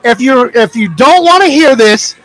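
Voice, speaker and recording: A man's voice: extremely high pitch, expressive, moderate pace, music in the background, low-quality recording. A man hosting an online morning show, chatting in a folksy way and hyping up his listeners. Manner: folksy, hypes up the audience. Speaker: radio show host. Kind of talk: casual morning show chat.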